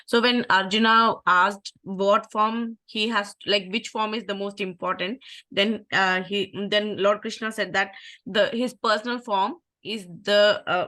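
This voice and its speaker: A female student gives her understanding of a verse over a video call. She is hesitant and uses many fillers. Her voice is bright and clear-toned. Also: medium pitch. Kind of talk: explaining a verse in an online class.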